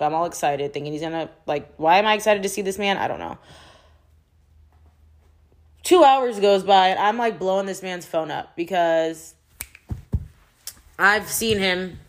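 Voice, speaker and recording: A woman's voice: fairly low pitch, fairly bright tone. Young adult woman, frustrated and unfiltered, swearing freely in a candid personal vlog. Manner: frank and heavily profane, rambling with restarts; frustrated and exasperated. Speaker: vlogger.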